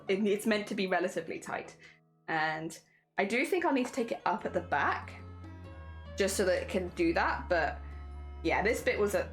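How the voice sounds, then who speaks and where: A woman streamer chatting casually while she sews, talking to her sewing machine, with machine noise and music behind her. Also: medium pitch.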